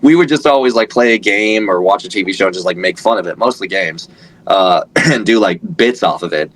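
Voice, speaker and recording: A man's voice: deep voice, a little fast, a bit bright, low-quality recording. A man in his thirties, a voice actor guest, chatting casually in an interview, rambling with lots of fillers and restarts.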